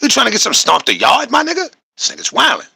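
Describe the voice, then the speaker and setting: A man's voice: high-pitched, wildly swooping pitch, quick pace, gravelly, bright, forceful tone, slightly rough. A man hosting a podcast, reacting to clips with profane, repetitive, rhetorical commentary. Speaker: podcast host reacting to videos.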